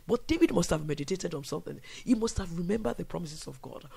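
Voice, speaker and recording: A man preaches a fervent vigil sermon. His voice sits high and carries a heavy gravel with a husky edge. He pushes his listeners to pray and slips into song now and then. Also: lively intonation, quick pace, mellow. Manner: fervent preaching with call-and-response, breaks into song. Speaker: preacher leading a prayer vigil.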